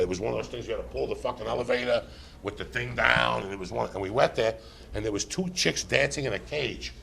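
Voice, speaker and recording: A man hosting a live podcast, telling rowdy, profane stories in a loud, animated way. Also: mid-range voice, vocal fry, breathy edge. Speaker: podcast host.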